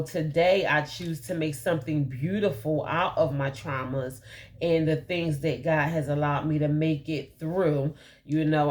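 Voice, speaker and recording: A woman with a lowish voice tells her own story as a personal testimony. She talks candidly and loosely, filling gaps with "you know" and "like", and laughs easily as she goes. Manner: candid, rambling, many fillers; laughs often while telling her story. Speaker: motivational speaker.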